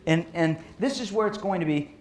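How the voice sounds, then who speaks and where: A middle-aged man giving a professional development talk to educators, telling lively stories and acting out teachers and kids. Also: sits high, brisk. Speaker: speaker on child behavior for educators. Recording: roomy echo.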